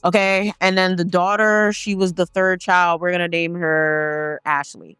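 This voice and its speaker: A woman's voice: on the low side, little pitch movement, measured pace, a bit bright, clean tone, no room sound, studio quality, soft background music. A woman telling a paranormal story in a casual, chatty way, swearing freely and talking straight to her viewers. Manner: chatty, profane, addresses the viewers directly.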